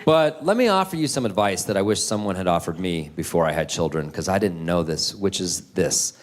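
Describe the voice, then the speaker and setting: Animated man doing stand-up. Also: a little fast, a little hiss or hum. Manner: animated, jumps into shouted high voices for characters. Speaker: stand-up comedian. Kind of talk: stand-up comedy set. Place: comedy club stage with audience laughter.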